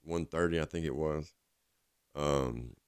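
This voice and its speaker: A man's voice: a bass voice, slow, clear, resonant tone, dry recording, clean studio sound. A man with a Southern US accent telling a personal story in a candid, plain-spoken, rambling way.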